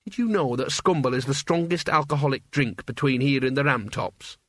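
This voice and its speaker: A man's voice: medium pitch, a little fast, fairly bright tone, no room sound, studio quality, lightly acted. A man voicing a kindly, absent-minded young male wizard with a mild way of talking. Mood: musing.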